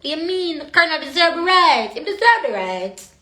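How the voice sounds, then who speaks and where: A woman's voice: extremely high pitch, big pitch swings, normal speed, bright, forceful tone, roomy sound. A young woman with a Jamaican accent, chatting casually to viewers on a livestream from her phone and slipping into patois. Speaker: livestream host.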